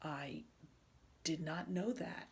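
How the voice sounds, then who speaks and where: Storybook role: woman doing a jittery elephant, loud, wide pitch swings, fretful. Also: steady tone, slow pace, husky, full character voice. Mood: puzzled. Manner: loud worried exclaiming. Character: anxious elephant, fretful and earnest.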